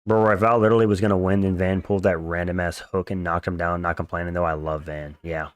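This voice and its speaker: The host's low, flat voice moves at a quick pace as he casually watches fights live, using slang and thanking viewers for their donations. No echo is present.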